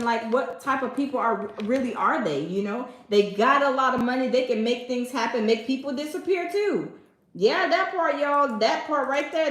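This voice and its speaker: Speaking to her stream audience as "y'all," a commentary host repeats points emphatically in a casual, direct style. Her voice is fairly high, and the audio is poor and reverberant.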